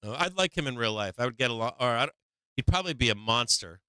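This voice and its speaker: A man's voice: medium pitch, lively intonation, fast, sharp tone, clean tone, dry recording. A man hosting a stock market livestream, chatting casually and profanely with his viewers in a rambling way.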